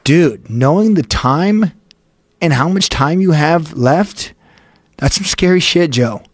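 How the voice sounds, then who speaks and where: A man's voice: on the high side, animated, slow pace, no echo, studio quality. A man telling a near-death story as a podcast guest, profane and intense, replaying his own panic. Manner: profane, breathless retelling of a panic.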